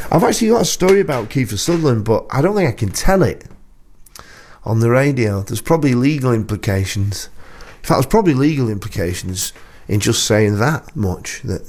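A man's voice: medium pitch, a little mellow. A man presenting a radio show, chatting casually as a rambling, self-deprecating storyteller into a studio microphone.

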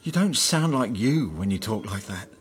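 A man's voice: lowish voice, expressive, moderate pace, faint music behind, natural voice. A man playing a jealous ex-husband who talks persistently and wheedles his former wife. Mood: pleading. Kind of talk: film drama dialogue.

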